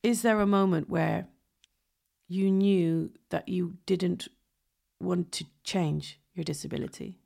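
A woman hosting an interview, asking questions and responding warmly and supportively to her guest. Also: lowish voice, fairly even intonation, slow pace, vocal fry. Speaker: host.

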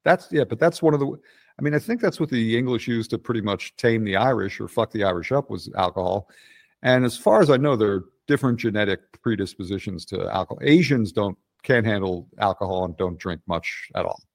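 A man in his sixties speaks in a Philadelphia accent, low-pitched and blunt. He rambles through stories and swears freely, the way people talk in a loose chat. The sound is dry and close, with no room around it. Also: animated, a little fast, creaky, dry recording. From Delaware County, Pennsylvania. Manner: blunt, rambling storyteller who swears often. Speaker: interview guest. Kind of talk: casual profane conversation.

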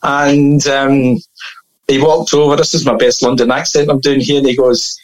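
A man's voice: medium pitch, level tone, moderate pace, rough recording. A man telling anecdotes as a podcast guest in a casual, chatty way, laughing often and full of fillers and restarts.

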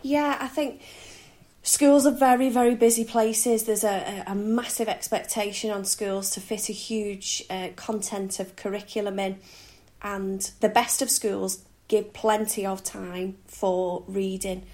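A woman guest speaks in an interview at a middle pitch. She hesitates often, filling her talk with ums and uhs and ending points with tag questions. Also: steady tone, a little slow, darkish tone. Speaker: podcast guest, reading charity founder. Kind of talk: conversational interview.

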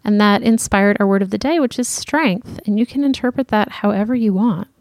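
A woman's voice: medium pitch, no echo, studio quality. A woman co-hosting a casual advice podcast, chatty and encouraging. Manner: chatty, encouraging, quick to laugh. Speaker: podcast co-host.

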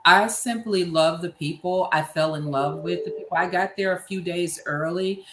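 A woman's voice: fairly low pitch, normal speed, a bit bright, echoey room, a little hiss or hum. A woman hosting a podcast with a Southern US accent, talking enthusiastically and repeating phrases for emphasis. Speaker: podcast host. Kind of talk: casual chat.

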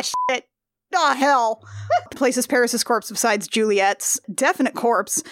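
A high-pitched woman rattles off a story in a loose, joking podcast chat. Her voice sounds close and dry. She talks in a sarcastic, animated way. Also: dry recording. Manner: sarcastic, animated, acts out characters in quotes. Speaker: podcast co-host. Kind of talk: comedic casual summary.

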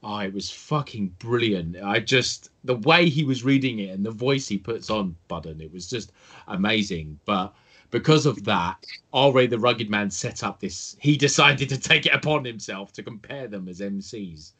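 A man co-hosting a podcast, rambling in casual chat, swearing and trailing off quietly at the ends of thoughts. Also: fairly low pitch, lively intonation, moderate pace, breathy edge. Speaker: podcast co-host.

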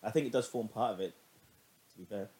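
Fast-talking man chatting. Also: lowish voice, slight background noise. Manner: chatty, swears freely, animated storytelling. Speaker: podcast co-host. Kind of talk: casual chat.

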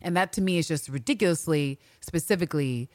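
A woman co-hosting a podcast, recapping a TV episode in casual, animated chat, swearing freely and acting out characters' lines. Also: sits low, a little fast, no echo. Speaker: podcast co-host.

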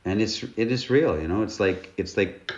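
A man talking reflectively in casual conversation, halting with many fillers. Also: lowish voice. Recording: roomy, dull-sounding audio.

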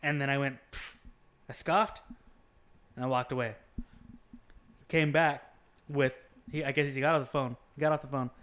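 Profane, animated man in casual chat. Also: medium pitch, smooth.

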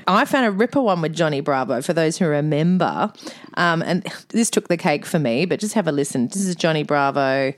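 A woman co-hosting a casual chat, blunt and animated as she tells stories. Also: deep voice, fairly quick, dry recording, studio quality. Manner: blunt, swears, animated storytelling. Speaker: podcast co-host.

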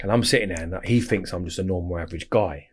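A man with an Essex accent telling stories as a podcast guest, animated and full of swearing. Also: sits low, slight background noise. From England. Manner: fast, animated storytelling with heavy swearing. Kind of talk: storytelling interview.

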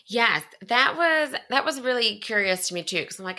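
Bright, animated woman on a book podcast. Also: fairly high pitch, a little fast, few pauses. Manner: enthusiastic, animated, giggly. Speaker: podcast co-host. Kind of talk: casual book discussion.

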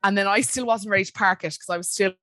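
A woman in her late twenties telling a story in casual chat, full of "like"s and quick laughs. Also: medium pitch, fairly even intonation, fairly bright tone, no echo, studio quality. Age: late 20s. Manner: chatty storyteller, many "like"s, laughs often.

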